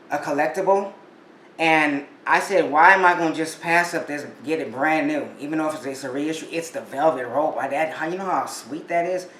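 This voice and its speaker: A man's voice: fairly high pitch, fairly bright tone. A man telling a story in casual chat to camera, chatty and full of restarts as he talks about his records. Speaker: vinyl collector vlogger. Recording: roomy echo, a bit off-mic, faint room noise.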